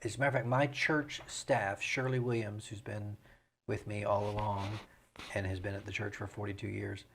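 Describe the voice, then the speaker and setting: A middle-aged man talks in a low, gravelly voice. He explains his work in a measured, conversational way. A faint background hiss sits under the recording. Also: level tone. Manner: measured, explanatory, breaks into rhythmic vocal imitations. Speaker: mayor and pastor, interview guest. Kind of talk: relaxed conversational interview.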